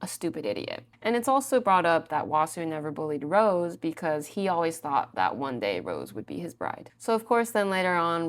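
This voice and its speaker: A woman's voice: sits low, creaky. A woman casually recapping a show against its book, chatty, full of "like" fillers and the odd swear.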